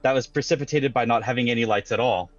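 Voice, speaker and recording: A man's voice: mid-range voice, fast, muffled recording, faint music behind. A man running a tabletop game as game master, laid-back and swearing casually while he laughs along.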